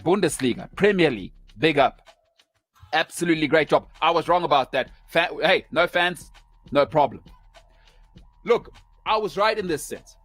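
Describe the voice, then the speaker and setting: A male sports host in full opinionated rant, firing off punchy, emphatic short lines. His voice sits a little high for a man and comes across close and dry, with faint music playing underneath. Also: fairly bright tone, no room sound.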